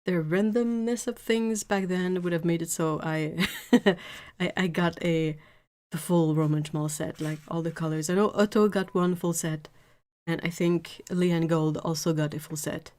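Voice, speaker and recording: A woman's voice: fairly low pitch, steady tone, measured pace, darkish tone. A woman chatting casually on a live stream from her home painting desk, rambling with frequent restarts. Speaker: art streamer.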